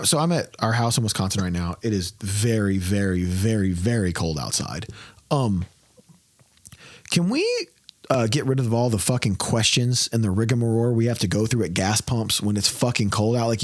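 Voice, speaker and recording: Podcast guy ranting and cussing, pitch jumping all over, super dry close sound. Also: no room sound. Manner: ranting, animated, swears a lot, mocking voices. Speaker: podcast host. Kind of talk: casual profane podcast chat.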